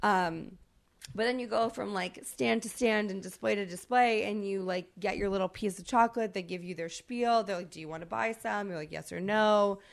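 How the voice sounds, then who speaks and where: A female podcast co-host tells a travel story in relaxed conversation, animated, swearing freely and using plenty of fillers. Her voice is mid-range and gravelly, at a moderate pace.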